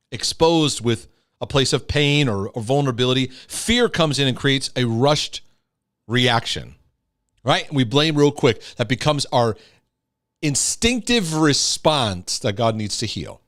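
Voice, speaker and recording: A man's voice: mid-range voice, expressive, a little slow, fairly bright tone, no room sound, clean studio sound. A man giving an earnest, emphatic teaching talk on healing, sometimes acting out scolding parents. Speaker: Christian teacher and speaker.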